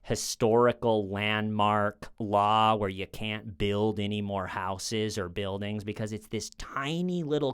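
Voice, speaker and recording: A man's voice: mid-range voice, a bit bright, smooth. A man in his thirties, a comedian, casually telling a rambling true-crime story at home, often restarting his sentences. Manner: rambling, with many restarts, acting out quoted people.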